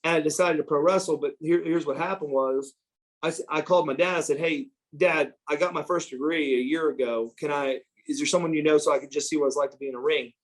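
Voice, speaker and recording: A man's voice: fairly high pitch, steady tone, fast, low-quality recording. A middle-aged American man, a former pro wrestler, telling stories animatedly in a podcast interview and swearing freely as he acts out quotes. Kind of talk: shoot interview storytelling.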